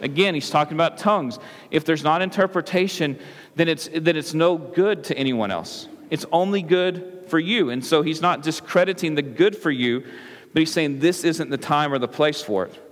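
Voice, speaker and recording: A man's voice: on the high side, normal speed. A male pastor preaching a sermon in a conversational way, with frequent "right?" asides and restarts, in a large church hall. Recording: echoey hall with long reverb.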